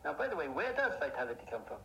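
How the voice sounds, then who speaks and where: A man giving a lively Torah class, asking rhetorical questions and building up to excited outbursts. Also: fairly high pitch, rapid-fire, gravelly. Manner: animated, rhetorical questions, bursts into excited shouting. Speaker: Jewish teacher. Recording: echoey room, faint noise.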